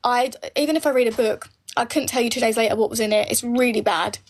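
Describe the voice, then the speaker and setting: A woman's voice: fairly high pitch, quick pace. A woman in her late twenties, bluntly answering viewer comments on a live stream, swearing freely and speaking her mind. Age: late 20s. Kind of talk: casual live Q&A.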